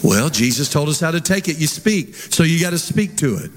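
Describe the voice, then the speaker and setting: A man's voice: a little high, very animated, fairly quick. A middle-aged man, preaching a sermon in a conversational, humorous storytelling way. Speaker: pastor. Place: large church hall with congregation. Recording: reverberant church hall with crowd.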